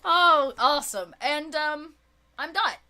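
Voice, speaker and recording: A woman's voice: sits high, expressive, slow, pushed and bright. A woman, the game master and host of the channel, chatting casually and in a friendly way after a game, with many fillers. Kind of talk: casual post-game chat.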